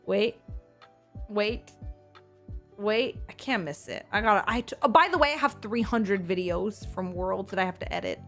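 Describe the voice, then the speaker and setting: A woman's voice: mid-range voice, brisk, few pauses, fairly bright tone, soft background music. A woman streamer chatting casually with her viewers, bubbly and effusive, reacting to chat as she tells stories. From Seattle area.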